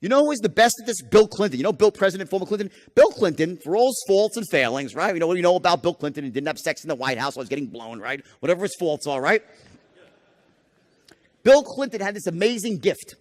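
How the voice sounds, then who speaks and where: A man's voice: high voice, big pitch swings, fast talker. A man giving a live sales training seminar, emphatic and profane, firing rhetorical questions at the audience. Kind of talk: live motivational seminar lecture. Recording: long hall reverb.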